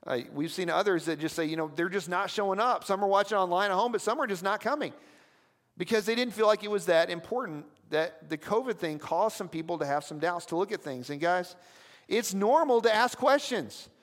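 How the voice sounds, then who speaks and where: A man's voice: high-pitched, a little fast, fairly bright tone, long reverb tail. A man preaching a sermon as pastor, telling stories in a conversational way with asides to the congregation. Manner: storytelling, conversational with audience asides. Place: church.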